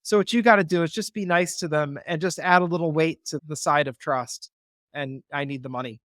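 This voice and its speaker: A man's voice: fairly high pitch, brisk, a bit bright, no echo, studio quality. A man being interviewed, talking earnestly and persuasively, acting out phone calls to make his points. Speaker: guest, real estate investor. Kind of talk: interview, conversational explanation.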